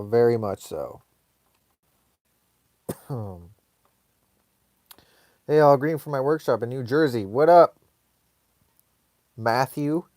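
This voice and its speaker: Slow, laid-back man chatting on a live stream. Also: medium pitch, a little mellow, no echo, clean studio sound. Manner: rambling, laid-back, reads chat comments aloud. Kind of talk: casual live-stream chat.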